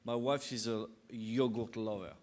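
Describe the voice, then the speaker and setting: A man's voice: mid-range voice, a little slow, a little mellow. A man from France with a French accent, a chef sharing anecdotes in an interview, hesitant and full of fillers. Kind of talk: interview conversation.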